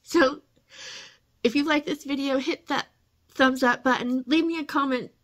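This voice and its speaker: Brief: woman vlog host, slightly high voice, unhurried, gushing and teary. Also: fairly even intonation. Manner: gushing, emotional, laughing often. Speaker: channel host. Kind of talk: casual unboxing vlog.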